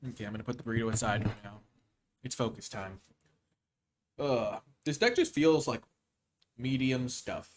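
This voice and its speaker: A man streaming a card game, talking low-key and joking, then breaking into loud theatrical cheers. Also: expressive, normal speed, pauses often, background noise. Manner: playful, jokey asides. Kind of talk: live game-stream commentary.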